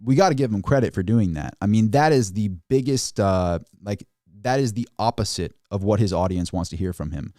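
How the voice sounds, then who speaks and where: Low-voiced man, live market commentary. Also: brisk, no room sound, clean studio sound. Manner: animated, mocking asides in quoted voices. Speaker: finance channel host.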